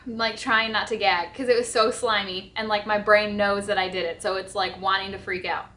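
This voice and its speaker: A woman's voice: medium pitch, fairly even intonation, a little fast, pushed and bright, roomy sound. A young woman chatting casually in her home kitchen, nervous and giggly, restarting her sentences as she talks. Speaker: homestead vlogger.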